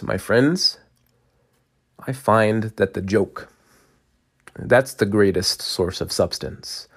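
A man preaching a humorous sermon, teasing and laughing often as he talks. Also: fairly low pitch.

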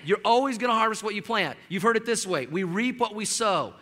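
A man's voice: sits high, animated, a little fast, few pauses, a bit bright, long reverb tail. A male pastor preaching a sermon in a church, telling a personal story and acting out the dialogue. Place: church sanctuary.

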